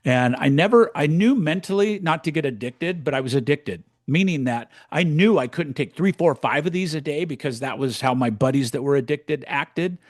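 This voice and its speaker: A man in his sixties co-hosting a podcast, telling his story in a blunt, animated way and swearing freely. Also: on the high side, normal speed, hardly any pauses, no room sound, studio quality. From California. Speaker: podcast co-host, real estate coach. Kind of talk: casual storytelling chat.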